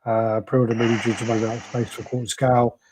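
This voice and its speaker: A man's voice: medium pitch, level tone, quick pace, darkish tone, a little hiss or hum. A man hosting a casual live stream, reading out viewer comments with a laid-back, swearing manner. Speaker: host.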